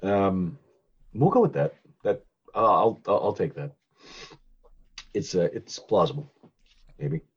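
A low-voiced man with a husky edge chats through a movie recap, rambling and giggling, full of ums and restarts. The sound is dull and lo-fi, like a cheap podcast mic. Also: big pitch swings, slow pace, long pauses. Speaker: podcast co-host recapping a film. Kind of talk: casual movie recap chat.

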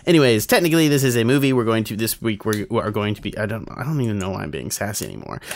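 A man's voice: fairly low pitch, expressive, very fast, a little hiss or hum. A man co-hosting a movie podcast in casual chat, rambling and restarting his sentences. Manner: rambling, self-interrupting, repeats words. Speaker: podcast co-host.

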